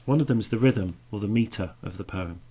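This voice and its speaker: A man's voice: fairly low pitch, quick pace, mellow, slightly rough. A man teaching a recorded poetry lesson, patiently explaining meter and beating out the stresses aloud.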